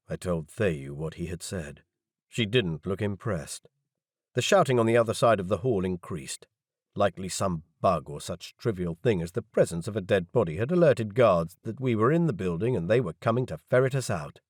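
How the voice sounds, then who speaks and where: Male audiobook narrator, low and animated, dry studio read. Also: normal speed, no room sound. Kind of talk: scripted first-person narration.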